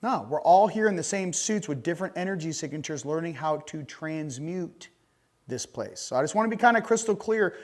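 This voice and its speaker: A man speaking to a conference audience, animated and joking, blunt and crude as he makes his points. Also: on the high side, a little fast. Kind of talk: live talk to an audience.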